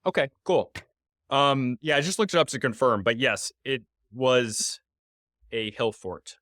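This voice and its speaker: A man's voice: medium pitch, expressive, a little slow, a bit bright. A young man from the United States hosting a podcast, talking casually with many fillers and hesitations. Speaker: podcast host. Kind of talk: casual interview chat.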